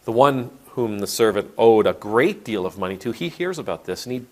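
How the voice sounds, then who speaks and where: A man's voice: on the low side, expressive, brisk, a little mellow. A man, an Anglican priest, giving a casual spoken sermon on a parable, retelling it with voices and often restarting his sentences. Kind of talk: conversational video sermon.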